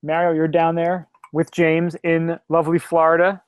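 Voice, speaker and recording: A man's voice: fairly high pitch, completely flat delivery, moderate pace, clear, resonant tone, dry recording. A man co-hosting a casual podcast over a video call, upbeat and eager as he plugs the show. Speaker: podcast co-host.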